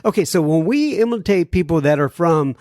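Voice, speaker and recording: An American podcast host reads listener letters in a casual, rambling way, drifting again and again into apologetic tangents. His slightly high voice is brisk and mellow with lively intonation, recorded in studio quality without echo.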